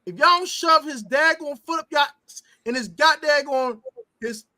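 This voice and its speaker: A man hosting a sports podcast, delivering a loud, emphatic, cursing rant as a fan. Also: very high-pitched, normal speed, no room sound. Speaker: podcast host.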